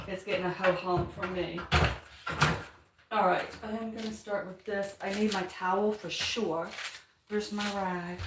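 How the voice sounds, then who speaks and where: A woman chatting casually while painting her house, now and then talking to her dog in a high voice. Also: background noise. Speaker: home vlogger. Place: house hallway, indoors. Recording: roomy, far from the mic.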